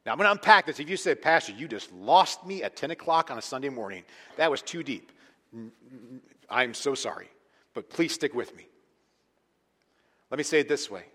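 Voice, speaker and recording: A man preaching a sermon as pastor, talking conversationally and with emphasis, swinging between loud points and hushed asides. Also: medium pitch, animated, normal speed. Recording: long hall reverb.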